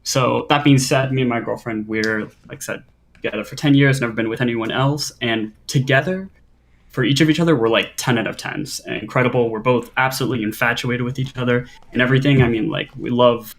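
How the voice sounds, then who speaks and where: A man's voice: medium pitch, fairly even intonation, a little fast, vocal fry. A man in his twenties calling in to a dating show, earnest and rambling at length. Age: 20s. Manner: rambling, earnest, long-winded. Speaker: caller. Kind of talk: call-in question.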